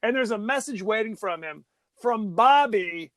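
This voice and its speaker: A man co-hosting a casual movie podcast, rambling and joking with plenty of restarts. His pitch moves around a lot. The sound is dry and close. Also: expressive, a little slow, a bit bright, no echo. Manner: rambling, jokey, lots of restarts. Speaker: podcast co-host.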